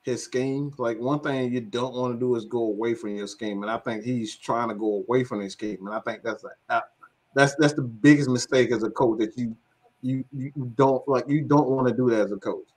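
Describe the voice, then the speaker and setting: A man's voice: medium pitch, a little fast, a little mellow. A man co-hosting a casual sports talk show, emphatic in his opinions. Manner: emphatic, laughs between points. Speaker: podcast co-host.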